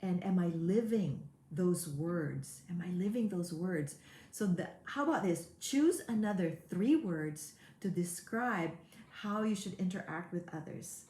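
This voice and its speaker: A woman's voice: lowish voice, lively intonation, a little slow, mellow, reverberant. A woman coach giving a motivational webinar, earnest and repeating key words for emphasis. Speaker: high performance coach. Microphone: webinar mic.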